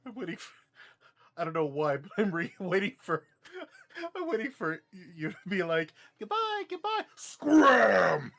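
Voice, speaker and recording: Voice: medium pitch, lively intonation, moderate pace, a bit bright, slight background noise. A player at a tabletop game who talks hesitantly, with frequent giggles and restarts. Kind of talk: casual tabletop play.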